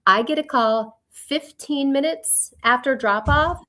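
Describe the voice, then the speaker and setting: A woman in her forties co-hosting a podcast, telling stories in an animated way and acting out her own quotes. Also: high-pitched, unhurried, few pauses. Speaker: podcast co-host. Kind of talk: casual chat.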